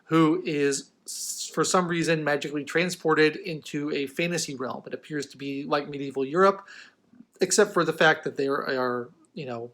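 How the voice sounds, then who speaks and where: A man's voice: a little high, moderate pace, a bit bright. Chatty man rambling about a book. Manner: loose and rambling with fillers and restarts. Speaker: book reviewer. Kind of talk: casual book review monologue.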